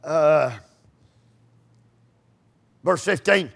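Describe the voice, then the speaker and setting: A preacher, a man with a high, heavily gravelly voice that cuts bright and tense. He delivers his sermon fervently and folksily and often rises to a shout. His tone is raspy and rough around the edges. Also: expressive, a little slow. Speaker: pastor.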